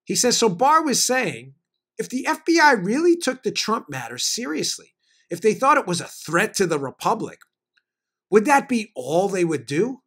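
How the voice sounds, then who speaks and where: A man's voice: sits high, very animated, a bit bright, breathy edge. A man with a New York accent hosting a political talk podcast, arguing emphatically and reading ads. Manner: emphatic, rapid, argumentative delivery. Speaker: political talk show host. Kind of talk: political commentary podcast with ad reads.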